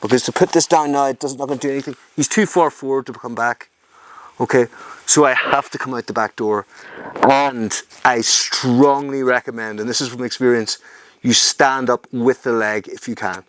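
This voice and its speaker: A man teaching jiu-jitsu technique during a live demonstration, talking in halting phrases and often checking in with "okay?". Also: mid-range voice, steady tone, fairly bright tone, no room sound. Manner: talks while moving on the mat, halting phrases. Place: training room at a retreat. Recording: noisy room recording.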